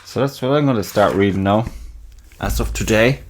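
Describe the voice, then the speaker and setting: A middle-aged man with a very low, deep voice talks through a casual solo podcast. He rambles, swears freely and pokes fun at himself. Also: normal speed. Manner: rambling, profane, self-mocking. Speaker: podcast host.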